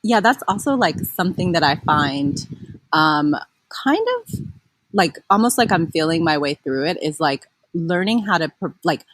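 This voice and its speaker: A woman's voice: low-pitched, lively intonation, moderate pace, no room sound, rough recording. A woman in her forties, a mom blogger, chatting casually as an interview guest with lots of fillers and easy laughter. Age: 40s.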